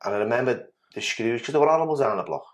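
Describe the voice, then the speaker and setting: A man's voice: medium pitch, animated, racing. A man tells a story as a podcast guest in casual talk. He is blunt and sweary and often restarts his sentences.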